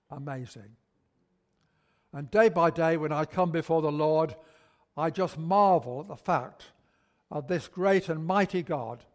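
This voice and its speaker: Slow, emphatic preacher in a church. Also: male voice, fairly high pitch. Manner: slow, emphatic, repeats key words. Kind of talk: sermon. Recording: long church reverb.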